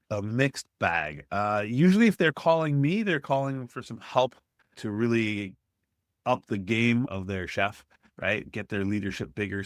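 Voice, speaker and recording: A man's voice: medium pitch, no room sound, studio quality. A man, a restaurant consultant guest on a podcast, telling stories conversationally and acting out the people he quotes. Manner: animated, acts out quoted people. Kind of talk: conversational storytelling.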